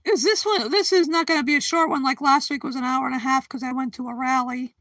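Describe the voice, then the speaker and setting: Her voice is high, quick, fairly even in intonation and a bit bright, recorded without echo, as she hosts a casual livestream chat. Giggling frequently and greeting her viewers by name, she sounds somewhat drowsy and keeps yawning.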